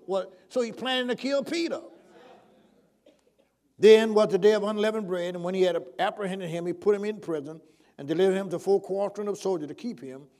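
A male preacher delivering a sermon, prodding the congregation with call-and-response questions. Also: high voice.

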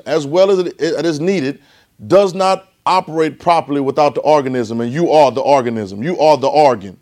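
A man's voice: a little high, brisk, a little mellow. A male pastor preaching a sermon, leading the congregation in call-and-response and often repeating and restarting phrases.

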